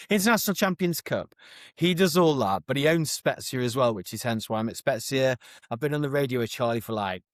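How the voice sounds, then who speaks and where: Excitable man telling stories. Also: mid-range voice, dry recording, studio quality. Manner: animated storyteller, gets overexcited. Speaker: podcast co-host. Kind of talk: casual chat.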